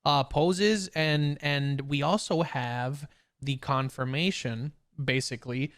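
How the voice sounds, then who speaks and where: A young man co-hosting a podcast over a video call, talking in an excited, rambling way with many restarts. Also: fairly high pitch, takes it slowly. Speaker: podcast co-host. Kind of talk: casual chat.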